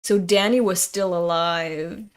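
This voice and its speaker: A woman's voice: on the low side, fairly even intonation, takes it slowly, smooth. A woman reading a comic aloud in a chatty, casual way, laughing and swearing as she goes. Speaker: comic reader.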